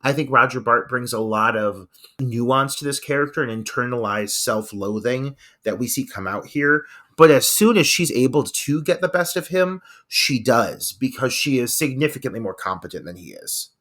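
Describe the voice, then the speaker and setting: A man's voice: medium pitch, animated, normal speed, a bit bright. A man co-hosting a horror film podcast, talking casually and emphatically, with frequent swearing and strong enthusiasm. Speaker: podcast co-host.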